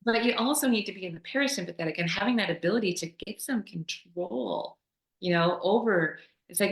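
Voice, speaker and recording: A woman who teaches yoga, explaining ideas in a casual call, animated and laughing often as she acts out quoted voices. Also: medium pitch, a little fast, echoey room, rough recording.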